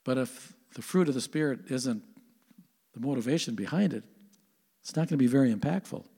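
A man's voice: medium pitch, lively intonation, fairly quick, vocal fry, warm tone, slightly rough, in a large hall. An older man preaching a sermon as pastor, earnest and conversational, asking his listeners questions.

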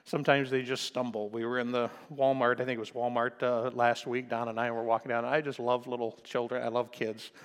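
An older American pastor from Nebraska, preaching a folksy sermon full of stories, often asking "okay?" and "amen?" and clearing his throat. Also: medium pitch, level tone, fairly quick, few pauses, big-room sound. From Nebraska, USA. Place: church sanctuary.

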